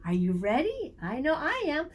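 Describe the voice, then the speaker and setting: Animated woman teacher reading aloud. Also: high-pitched, normal speed. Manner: warm, animated storytelling with questions to children. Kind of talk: reading a picture book aloud to children.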